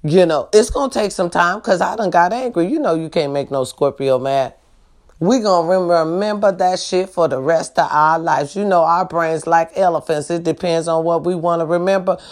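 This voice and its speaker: Bluntly and with plenty of profanity, this woman vents to her vlog audience, constantly checking whether they get what she means and agree. She speaks at a moderate pace in a fairly low voice.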